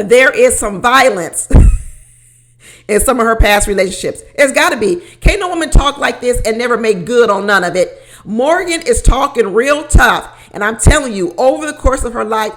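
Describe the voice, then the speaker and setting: A woman hosting a casual reality show recap, animated and laughing often as she repeats her points. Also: a little high. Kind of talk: casual commentary.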